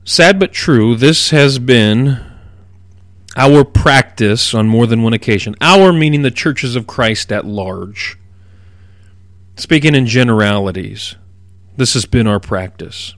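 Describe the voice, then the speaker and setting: A middle-aged man hosting a radio Bible teaching program, explaining at a measured pace and leaning hard on key words. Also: mid-range voice, lively intonation, fairly bright tone, dry recording. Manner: measured, explanatory delivery with emphatic stresses.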